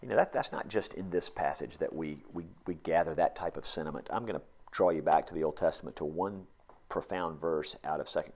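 A man preaching a sermon, emphatic and repetitive, sometimes dropping to a hushed near-whisper. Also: sits low, vocal fry. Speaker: pastor.

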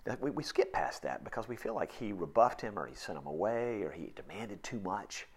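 A man preaching a sermon, emphatic and repetitive, sometimes dropping to a hushed near-whisper. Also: on the low side, very animated, fairly quick, gravelly, husky. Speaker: pastor.

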